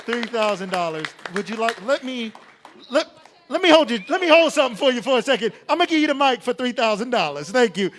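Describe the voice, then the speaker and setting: A man's voice: very high voice, sing-song, fast talker, fairly bright tone, a little hiss or hum. A man emceeing a live awards night on a handheld microphone, joking with and hyping up the crowd. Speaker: event emcee. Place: event hall stage.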